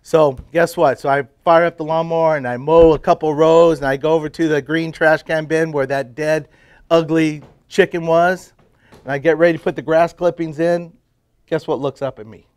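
A middle-aged man telling his personal faith story to a men's group, drifting into hushed, emotional moments. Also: a little high, fairly even intonation, moderate pace, clean tone, no room sound. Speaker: testimony speaker at men's breakfast.

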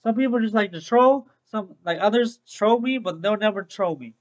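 The recording has its highs cut off, and a young man with a high-sitting voice speaks at normal speed as he streams a game. He chats cheerfully with his viewers in casual Let's Play commentary, frequently saying things like "bro."

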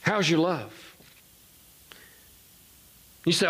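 A male pastor preaching a sermon, climbing high in emphasis and dropping low and soft, with asides to the congregation. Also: expressive, measured pace. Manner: call-and-response asides to the congregation.

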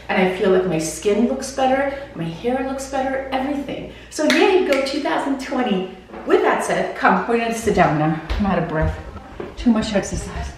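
A woman in her thirties chatting casually to viewers in a home vlog, animated and direct. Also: fairly high pitch, echoey room, recorded from a distance, a little hiss or hum, poor audio. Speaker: vlogger. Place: house interior.

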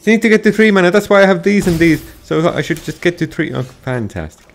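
A man playing a card game online, grumbling and swearing at it, at times yelling in frustration. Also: high-pitched, fast. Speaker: gamer streaming a card game. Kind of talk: angry gameplay commentary.

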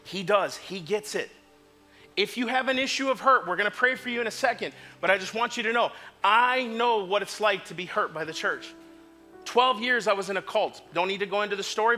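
Male pastor, high bright voice, fervent sermon that swings from hushed to shouting. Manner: impassioned, swings from quiet to shouting. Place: church sanctuary.

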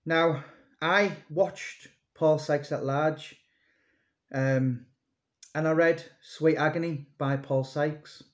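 Guy in his 30s rambling to camera, bit high-pitched, loads of ums and restarts. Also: steady tone, slow pace. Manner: rambling, conversational, many fillers and restarts. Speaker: author and publisher. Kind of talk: casual monologue to camera.

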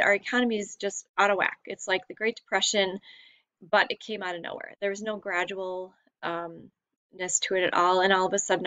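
A woman's voice: medium pitch, no echo, low-quality recording. A tired woman teacher giving a chatty, rambling recorded lesson late at night from home. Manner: chatty, warm and rambling, with frequent fillers.

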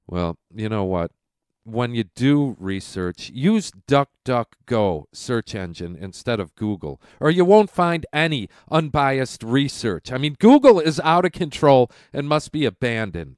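Male talk-radio host, congested and stuffy, heated sarcastic rant, smooth resonant tone, dry close sound. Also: medium pitch, very animated, a little slow, darkish tone, no room sound. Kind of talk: political commentary rant. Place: at home.

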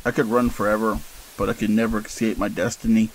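A man's voice: on the low side, level tone, quick pace, a little hiss or hum, low-quality recording. A man giving a dramatic, intense narration of a first-person horror story.

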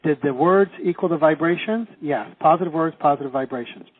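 Seminar teacher, man from Canada, middle-aged; lively and quizzing, husky tone, phone-thin sound. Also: a little high, fairly quick, no echo. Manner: lively, asks the class questions, acts out quoted reactions. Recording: tinny phone-like audio.

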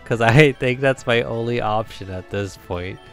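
A man's voice: mid-range voice, moderate pace, gravelly, faint music behind. A man giving casual let's play commentary, chatty, laughing often and talking to himself. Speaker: game streamer.

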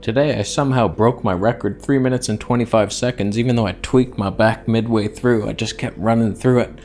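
A man's voice: on the low side, steady tone, fairly quick, darkish tone, faint music behind. Man in back pain, rambling and self-mocking. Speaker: vlogger. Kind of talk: casual vlog monologue.

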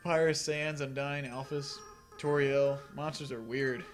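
A man reading aloud as a remorseful, tearful young goat-monster boy, in a soft, earnest and halting way. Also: medium pitch, fairly even intonation, soft background music, close to an everyday voice. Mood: sad.

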